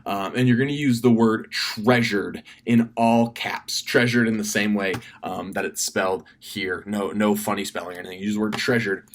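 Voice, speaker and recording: A man briefing camp volunteers in a casual video message from his desk, talking fast with lots of fillers and restarts. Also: lowish voice, fairly even intonation. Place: indoors at a desk.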